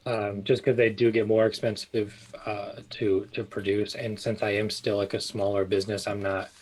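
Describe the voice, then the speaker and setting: Low-voiced man, chatty guest. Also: moderate pace, rough recording. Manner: relaxed, rambling with many fillers and restarts. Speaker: guest, small clothing business owner. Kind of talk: casual interview chat.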